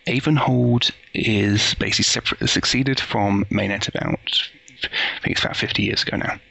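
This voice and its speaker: A man's voice: fairly low pitch, steady tone, moderate pace, vocal fry, bright, forceful tone, breathy edge. A man acting as game master over a voice call, explaining the setting at length with many fillers and restarts. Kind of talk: casual tabletop game narration. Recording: lo-fi voice call audio.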